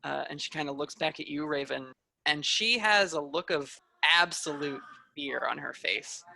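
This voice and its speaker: A woman's voice: low-pitched, normal speed, gravelly, bright, forceful tone, a little hiss or hum. A woman running a tabletop role-playing podcast as game master, narrating in a chatty way with many fillers.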